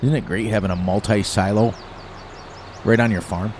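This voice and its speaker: A lowish, steady, slightly mellow voice belongs to an eastern American streamer in his sixties who chats and wanders off-topic while playing a farming game. He talks at a moderate pace, often laughs at his own jokes, and a little hiss or hum is audible.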